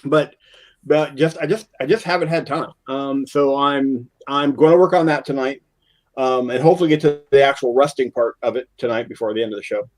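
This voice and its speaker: A man's voice: mid-range voice, fairly quick, a little mellow. An older man co-hosting a casual hobby show, chatting in a rambling, storytelling way that often trails off. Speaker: co-host of a model car customizing show. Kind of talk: casual chat.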